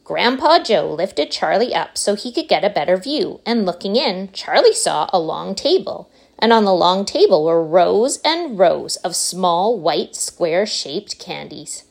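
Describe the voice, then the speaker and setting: Slow, gravelly woman reading a story aloud. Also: lowish voice. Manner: unhurried, expressive storytelling. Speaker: narrator. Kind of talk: reading a children's book aloud.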